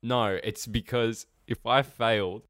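A young man, co-hosting a podcast in a rambling, excitable chat full of restarts and swearing. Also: mid-range voice, a little slow, no room sound, studio quality. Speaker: podcast co-host. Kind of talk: casual chat.

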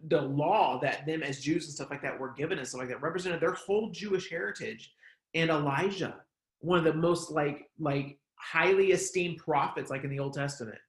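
Male pastor, chatty, filler-heavy, slightly higher voice, echoey room. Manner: conversational, many fillers like "like" and "um". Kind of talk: casual online sermon.

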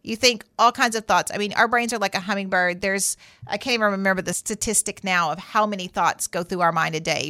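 A woman's voice: medium pitch, sharp tone, no echo, studio quality. A woman therapist hosting a show, giving advice in a conversational, emphatic way and acting out people's inner voices. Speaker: therapist host. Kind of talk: advice monologue.

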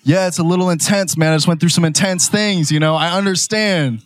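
Young male preacher, very high voice, dry close sound, fervent, shouts then slangy asides. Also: a little fast, no echo. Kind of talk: energetic sermon.

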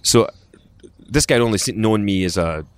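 A man's voice: on the low side, moderate pace. A middle-aged Scottish man, an actor, telling stories in a casual interview, rambling with restarts and acted-out quotes. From Scotland. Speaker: actor guest.

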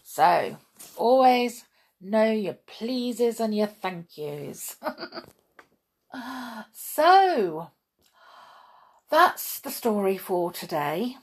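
A woman reading a children's story at an unhurried pace, gentle and chatty, pausing to ask little questions. Her voice is husky with a gravelly edge and moves up and down in a lively way. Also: mid-range voice.

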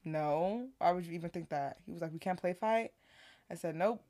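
Lower-voiced woman retelling a story. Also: normal speed. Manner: animated retelling of text messages, laughing often. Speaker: podcast co-host. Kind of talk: casual chat, storytelling.

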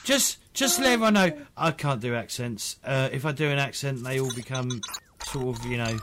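A man chatting casually as a tabletop player, joking and trailing off quietly. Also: medium pitch, animated, moderate pace, noisy background. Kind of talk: casual chat.

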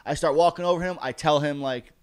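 A man in casual chat, telling a funny anecdote in a profane, animated way and laughing as he goes. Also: on the high side, fast talker, clear, resonant tone, no echo.

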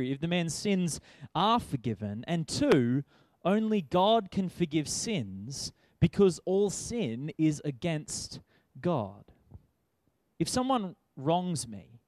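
Lively man preaching. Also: fairly high pitch, no room sound. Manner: lively, conversational, asks rhetorical questions. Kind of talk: sermon.

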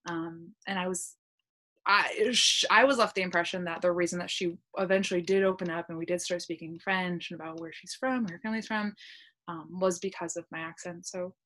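A woman, a podcast guest, chatting casually and telling stories with quick laughs and acted-out dialogue. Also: fairly low pitch. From United States. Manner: lively storytelling, quick laughs, acts out dialogue. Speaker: podcast guest, language content creator. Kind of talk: casual interview chat.

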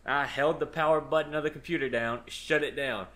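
A man's voice: a little high, steady tone, brisk, fairly bright tone. A young man, a podcast co-host, telling a rambling story in casual chat and swearing freely.

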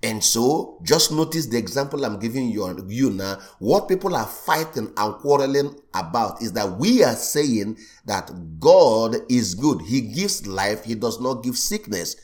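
Man, pastor, sermon, middle-aged, swooping lively pitch, animated delivery, acts out quotes. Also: a little slow, few pauses.

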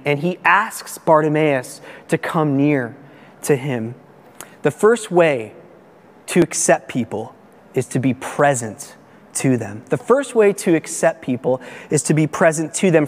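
A male pastor preaching a sermon earnestly, building to raised, animated emphasis. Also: on the high side, big-room sound.

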